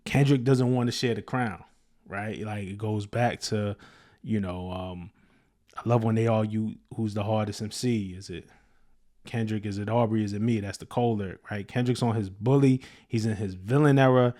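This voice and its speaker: A man's voice: on the low side, steady tone, normal speed, mellow. A man hosting a casual reaction show, talking through rap lyrics in a conversational way with frequent fillers. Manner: conversational, many fillers, reads lyrics aloud and explains them. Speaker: host, music commentator.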